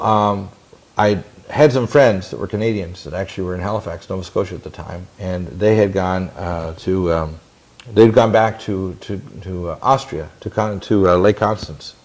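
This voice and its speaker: A man's voice: deep voice, normal speed, darkish tone. A man in his sixties telling long stories in an interview, intense and rambling, with many restarts and quoted dialogue. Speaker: interview guest. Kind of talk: long-winded interview storytelling.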